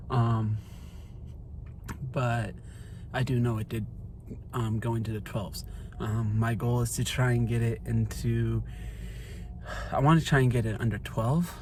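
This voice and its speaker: A man's voice: mid-range voice, a little mellow, a little hiss or hum. A man talking casually to his vlog camera, rambling with lots of ums and uhs, sometimes with his mouth full. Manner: talks while eating. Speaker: vlogger.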